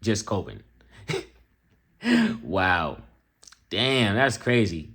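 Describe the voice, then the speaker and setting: A man's voice: low voice, sing-song, drawn-out words, fairly bright tone. Young man mocking bluntly in slang. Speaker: reaction video host. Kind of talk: casual reaction commentary.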